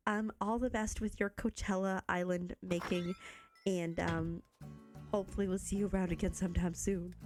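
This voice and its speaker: A young woman chatting casually with viewers while she plays a video game, bubbly and self-teasing. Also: medium pitch. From Canada. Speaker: streamer. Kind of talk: casual live-stream chat while playing a video game.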